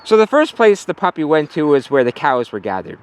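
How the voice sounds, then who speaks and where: A male pastor preaching casually outdoors, telling a children's story. His voice sits high and swings widely in pitch, and he uses easy fillers. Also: sing-song, a little fast, clean tone. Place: outdoors at a farm.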